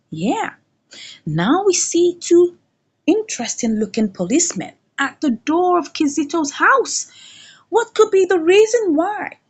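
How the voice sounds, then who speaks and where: A woman casually recapping a comedy series episode, storytelling in an animated way. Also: high voice. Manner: animated storytelling, acts out dialogue. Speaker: series reviewer.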